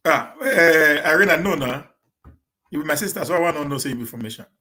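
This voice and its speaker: Answering viewers on a casual live stream, a stammering Nigerian man from Edo State repeats words and restarts, speaking fast intentionally so he doesn't get stuck. His voice is a little high and sharp with lively intonation, and his Nigerian accent comes with Pidgin English.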